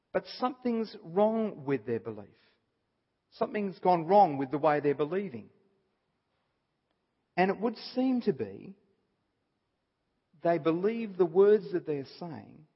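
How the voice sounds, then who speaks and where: A man's voice: fairly high pitch, husky. A man giving an earnest Bible study talk, explaining a passage and stressing points by repeating them. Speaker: Bible teacher. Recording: dull audio with long reverb.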